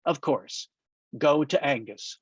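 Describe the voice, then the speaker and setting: A man reads a first-person novel aloud with wry, deadpan timing. His voice sits a little high, and the recording is dull and dry, with no room sound. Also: takes it slowly, breathy edge, dry recording. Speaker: author reading at a literary festival.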